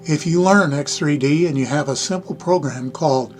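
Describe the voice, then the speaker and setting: A man's voice: a little high, moderate pace, faint music behind. An older American man with a Midwestern accent, hosting a casual live-stream chat in a rambling, folksy way with chuckling asides. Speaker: livestream host.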